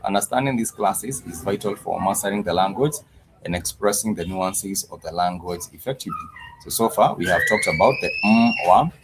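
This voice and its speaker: A man's voice: deep voice, expressive, normal speed, background noise. A man teaching a language lesson on a live stream, patiently repeating each word several times.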